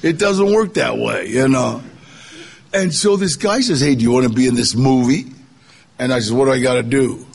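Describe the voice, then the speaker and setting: A man's voice: medium pitch, normal speed, creaky, slightly rough. An older man telling his life story in a casual, conversational way, acting out the voices of people he quotes. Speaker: guest storyteller. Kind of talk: personal storytelling.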